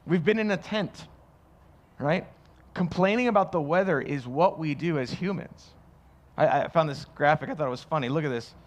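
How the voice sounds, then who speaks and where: A man's voice: a little high, moderate pace. A man preaching a sermon as pastor, conversational and joking, acting out quoted voices. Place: church.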